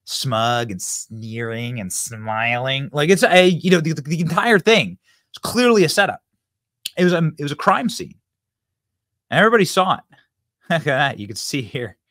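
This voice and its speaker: Brief: male political host, animated and fairly high-pitched, mocking, dry close sound. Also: brisk, pauses often, no echo. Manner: mocking, emphatic, swings loud to quiet. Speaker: show host. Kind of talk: political commentary on clips.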